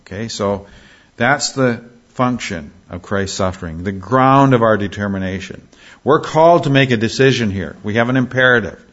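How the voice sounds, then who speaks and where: A man preaching an expository sermon, emphatic, often restarting phrases and slowing down to read scripture. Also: mid-range voice. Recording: dull lo-fi sermon recording.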